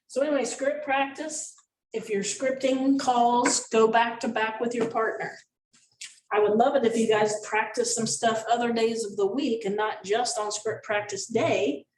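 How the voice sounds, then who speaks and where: A fairly high-voiced woman coaches a small group in a meeting room. She is animated and acts out gestures and little voices. She is picked up from a distance in an echoey room, with faint noise underneath. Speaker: sales coach.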